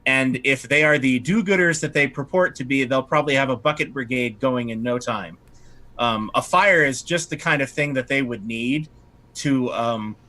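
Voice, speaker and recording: A man's voice: mid-range voice, bright, forceful tone. A man narrating as game master of a tabletop game, in a loose, rambling way with many fillers.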